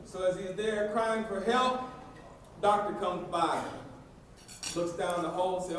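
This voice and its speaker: A man's voice: high-pitched, fairly even intonation, unhurried, long pauses, fairly bright tone, slight background noise. Folksy guy speechifying at a banquet, super echoey hall, mic far away. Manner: folksy, emphatic. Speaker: banquet speaker. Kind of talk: storytelling speech.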